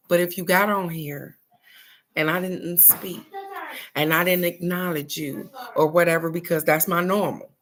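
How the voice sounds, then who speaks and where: An older woman, hosting a morning live stream and talking in a casual, heartfelt way to her viewers, often asking "guess what?". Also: on the low side. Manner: repetitive, warm-hearted, asks "guess what?".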